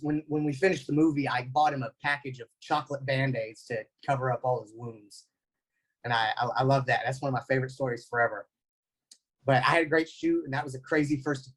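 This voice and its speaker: A man, giving an animated storytelling talk as a guest speaker over a video call. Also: medium pitch, poor audio. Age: 20s. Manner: animated, anecdotal.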